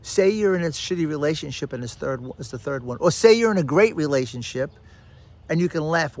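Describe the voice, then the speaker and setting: Animated man with a slightly high voice. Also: fairly quick. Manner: animated storyteller, repeats phrases, talks straight to the listener. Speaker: podcast host. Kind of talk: casual self-help monologue.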